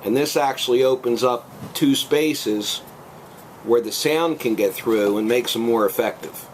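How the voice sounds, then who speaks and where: A man talks through a home gadget tip in a plain, patient way. His voice sits at an ordinary middle pitch. A faint hiss runs underneath. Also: unhurried, poor audio. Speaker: blogger showing a gadget. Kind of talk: casual demonstration. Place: at home, out front.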